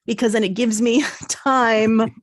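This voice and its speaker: A woman's voice: fairly high pitch, fairly even intonation, slow, no echo, clean studio sound. A woman co-hosting a casual chat, talking candidly as a voiceover teacher. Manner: candid, conversational. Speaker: podcast co-host, voiceover teacher.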